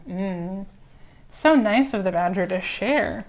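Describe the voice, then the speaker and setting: A young woman librarian reading a picture book aloud at a preschool storytime, expressive and talking directly to small children. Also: medium pitch. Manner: slow, expressive, talks to little children.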